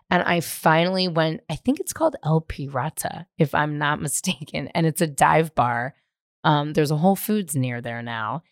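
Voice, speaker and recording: Woman, 30s, solo podcast host, low-ish voice, dry close sound, swears freely, animated confessional rambling. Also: normal speed, dry recording. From San Francisco, USA. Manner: profane, animated, rambling with many "like" fillers. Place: at home in the living room.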